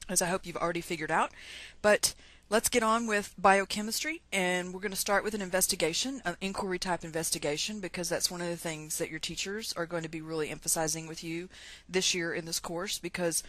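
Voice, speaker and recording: A woman's voice: fairly low pitch, a bit bright, no echo. A middle-aged woman with a Texan twang, teaching science in a chatty, self-deprecating screencast lecture.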